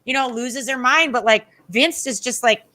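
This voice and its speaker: Bright, animated woman telling stories. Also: a little high, normal speed. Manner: animated, acts out quotes with shifting voices. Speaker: podcast guest, former wrestling interviewer. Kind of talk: casual storytelling chat.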